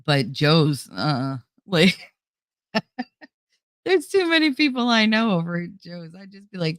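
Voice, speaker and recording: A woman's voice: lowish voice, sing-song, slow pace, long pauses, no room sound. A middle-aged woman hosting her own channel, chatting casually to viewers in a rambling, joking way and laughing often. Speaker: YouTube channel host.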